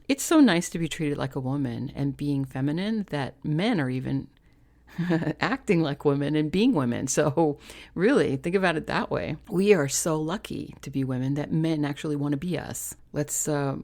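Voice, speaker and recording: A woman's voice: deep voice, a little mellow. A woman chatting to camera with opinionated dating advice, counting off a numbered list. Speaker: vlogger giving dating advice. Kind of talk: casual talk to camera.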